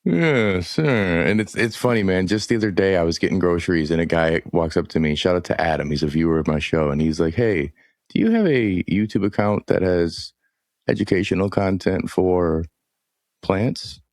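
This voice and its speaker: A man's voice: sits low, animated, moderate pace, darkish tone, dry recording, clean studio sound. A man hosting a podcast, talking casually in a laid-back, slangy way. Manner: laid-back slangy, says dude a lot. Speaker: podcast host. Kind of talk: casual chat.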